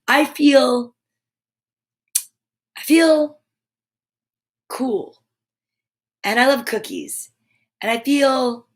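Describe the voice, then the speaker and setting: A woman's voice: on the high side, a bit bright. A woman hosting a live story time show, chatting casually with viewers in a bubbly, playful way and reading tongue twisters aloud.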